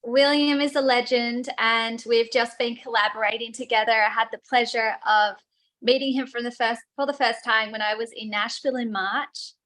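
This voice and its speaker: Friendly Australian woman, bright laugh. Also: fairly high pitch, fairly even intonation, moderate pace. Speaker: guest singer. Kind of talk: casual interview chat.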